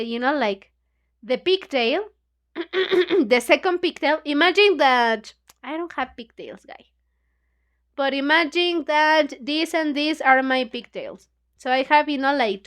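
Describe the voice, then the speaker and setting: A woman's voice: high-pitched, slow pace, a bit bright. Chatty woman teacher. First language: Spanish. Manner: chatty, says "you know, like" constantly, acts out lines. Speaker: English book club teacher. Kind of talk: retelling a story for learners.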